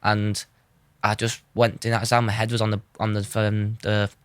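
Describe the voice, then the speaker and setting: A man's voice: fairly low pitch, completely flat delivery, moderate pace, smooth, dry recording. A young man, a guest telling his story in an earnest, informal way, often saying "you know". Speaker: guest, goalkeeper. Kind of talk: candid interview storytelling.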